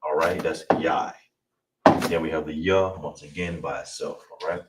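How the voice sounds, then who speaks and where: A man with a Chicago accent teaching an online language class, saying words slowly and repeating them, often checking that listeners understand. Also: rumbling low, fairly even intonation. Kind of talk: online language lesson, livestream. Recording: roomy echo, distant mic, faint noise.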